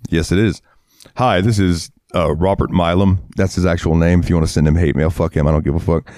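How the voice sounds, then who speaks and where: A man with a very low voice tells a story on a podcast in casual chat. He swears a lot and acts out the other people's lines with feeling. The sound is dry and close, with no room in it. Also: fairly even intonation, fairly quick, a little mellow, no room sound. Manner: profane, heated storyteller acting out quotes. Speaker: podcast co-host.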